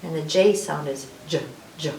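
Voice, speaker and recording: A woman reading an alphabet picture book aloud to children, with drawn-out letter sounds. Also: low-pitched, vocal fry, a little mellow, roomy sound, recorded from a distance, a little hiss or hum, low-quality recording. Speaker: librarian storyteller.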